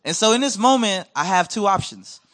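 A man preaching a sermon as a missionary, telling stories in a lively conversational way and acting out what others said. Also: high-pitched, fairly quick. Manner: animated, acts out quoted voices, conversational. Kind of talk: storytelling sermon. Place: church.

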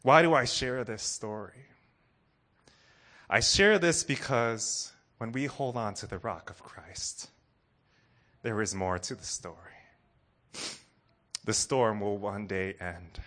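A man preaching a sermon to a congregation, earnest, dropping to soft low lines and rising to loud ones. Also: slow, pauses often. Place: room with a congregation.

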